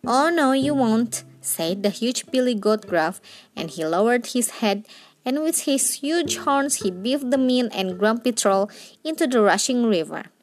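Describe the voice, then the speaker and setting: A woman's voice: on the high side, expressive, unhurried, darkish tone. Woman reading a bedtime story.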